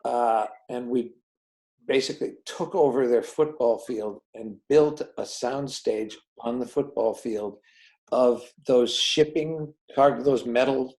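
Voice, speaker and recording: A film director being interviewed, telling behind-the-scenes stories and acting out the dialogue of the people in them. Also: male voice, mid-range voice, takes it slowly, rough recording. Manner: animated, acts out dialogue in quoted voices. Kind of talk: anecdotal storytelling in an interview.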